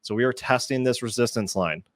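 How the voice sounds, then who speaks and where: A man's voice: medium pitch, fairly quick, dry recording. A young man hosts a live stock-trading stream in a casual, joking way. He pokes fun at himself while explaining charts. His voice sits mid-range and is recorded dry and close. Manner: joking, upbeat, self-mocking. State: slightly out of breath. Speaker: host. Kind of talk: live market show chat.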